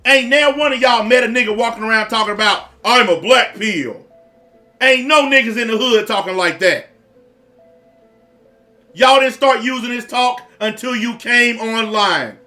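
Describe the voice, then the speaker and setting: Man, high-pitched, bright and sharp, profane blunt rant, reaction commentary. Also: moderate pace, soft background music. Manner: profane, blunt, repetitive ranting.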